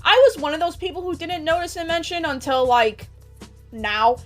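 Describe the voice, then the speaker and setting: Blunt, high-voiced woman commentator. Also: lively intonation, moderate pace, a bit bright, soft background music. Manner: blunt and profane. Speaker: commentary video host. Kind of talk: commentary response video.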